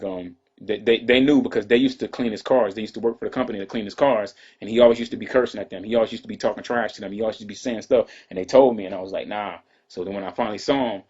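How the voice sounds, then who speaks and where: A man tells a personal story in a quick, husky voice, drawling and looping back through asides and restarts. His voice comes through a dull, lo-fi livestream recording. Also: fairly low pitch, darkish tone. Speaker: rapper telling a story to fans. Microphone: livestream computer mic.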